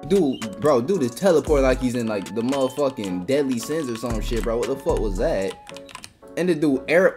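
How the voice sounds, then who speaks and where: A woman giving profane, excitable live commentary while playing a game, swinging from low mutters to sudden outbursts. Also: fast, soft background music. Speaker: gaming channel host.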